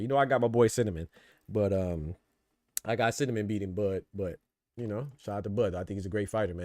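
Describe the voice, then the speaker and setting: A man hosting a podcast, riffing in casual, animated commentary full of rhetorical asides and swearing. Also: lowish voice, dry recording. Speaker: podcast host. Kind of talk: casual boxing and politics commentary.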